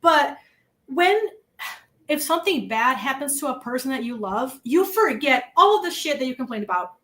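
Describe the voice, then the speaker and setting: A woman with a Massachusetts accent chatting about a true-crime case, animated and worked up, swearing at times. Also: sits high, moderate pace. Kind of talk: casual true-crime chat.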